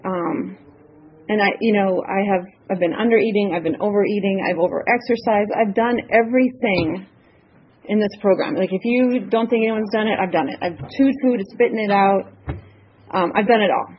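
A woman's voice: medium pitch, moderate pace. A woman giving a personal testimony at a recovery meeting, earnest and nervous, with many ums and restarts. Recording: slightly dull lo-fi audio, faint noise.

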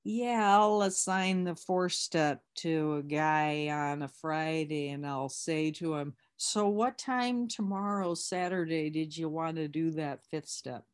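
A woman doing a slow-drawling older man. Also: low voice, clear, resonant tone. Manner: very slow drawl, almost sounds drunk. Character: slow-talking older man, long sober.

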